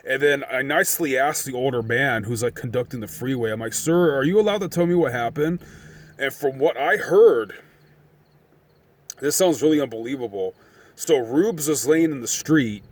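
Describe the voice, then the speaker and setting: Casual vlogger, male, thirties, mid-range voice; profane, meandering storyteller who heats up at the tense parts. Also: medium pitch. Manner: profane, rambling, excitable when reliving events.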